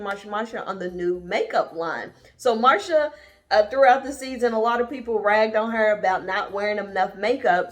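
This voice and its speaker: A woman vlogger giving a casual, rambling show review, sassy and calling her viewers honey and darling. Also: medium pitch. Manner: rambling, with many fillers and trailing asides.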